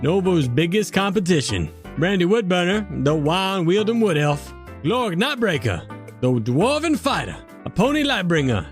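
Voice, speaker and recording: A man voicing a folksy, hospitable Cajun male potion shopkeeper with a Cajun accent, reading sponsor shout-outs in character in a drawling manner. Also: sits high, pitched above the performer's own voice.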